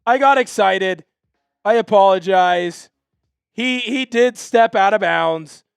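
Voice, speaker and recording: Excitable high-voiced male stream host. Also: gravelly, clean tone, no echo, soft background music. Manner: excitable, chatty, quick to apologize. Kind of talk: fan play-by-play live stream.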